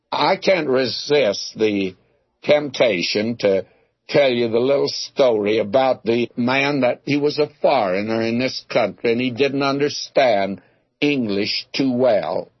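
A man's voice: medium pitch, husky, dry recording. A man preaching a sermon, teaching through a scripture passage in a folksy, conversational way and calling his listeners "my friend". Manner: folksy, addresses listeners as "my friend", tells homely jokes. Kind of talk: expository sermon. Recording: dull lo-fi recording.

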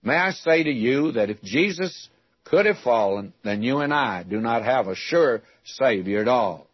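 A man's voice: medium pitch, lively intonation, moderate pace, husky, no echo, muffled recording. An older man from West Texas preaching a radio sermon, teaching from the Bible in a folksy storytelling way with rhetorical questions.

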